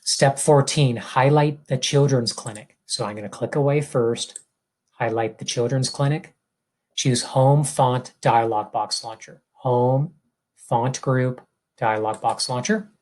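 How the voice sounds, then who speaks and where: A male instructor walking through a software exercise step by step, reading each instruction aloud and thinking out loud as he clicks. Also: mid-range voice, steady tone, slow. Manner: methodical, reads steps aloud and thinks out loud. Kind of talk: screen-recorded software tutorial.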